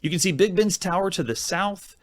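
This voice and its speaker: A man's voice: high-pitched, fairly quick. Chatty man thinking aloud over a retro game. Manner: thinks aloud while typing commands, chatty and self-mocking. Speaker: host. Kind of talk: retro game let's-play commentary.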